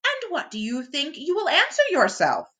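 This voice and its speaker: A woman voicing a cheerful, simple-minded, honey-loving toy bear in a high, sing-song voice. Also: huge pitch swings, normal speed, sharp tone, exaggerated voice.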